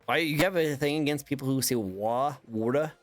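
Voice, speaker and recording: A man hosting a casual interview show, playful and quick to laugh, often repeating himself. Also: on the high side, fairly even intonation, no room sound, soft background music. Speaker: talk show host.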